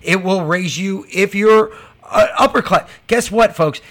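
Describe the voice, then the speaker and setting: A man's voice: sits high, unhurried, fairly bright tone. A male podcast co-host ranting casually and profanely about prices and taxes. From Georgia. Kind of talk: casual political chat.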